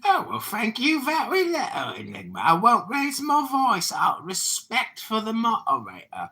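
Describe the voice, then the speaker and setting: A man's voice: very high-pitched, huge pitch swings, moderate pace, sharp tone. A man, a political candidate, putting on a British accent and giving a pompous, ranting campaign speech in an online audio room. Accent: put-on British.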